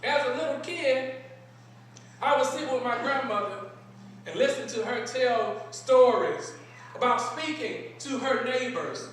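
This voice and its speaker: Slow, high-voiced preacher in an echoing sanctuary. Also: lively intonation, a bit bright, slight background noise. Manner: rhetorical questions, repeated phrases. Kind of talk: sermon. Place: large synagogue sanctuary. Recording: echoey sanctuary from a distance.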